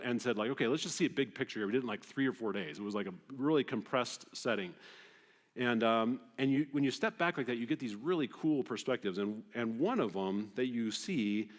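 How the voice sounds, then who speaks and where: A man preaching a sermon as pastor, conversational and animated, often checking in with the congregation. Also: mid-range voice. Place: church sanctuary. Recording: long hall reverb in a church.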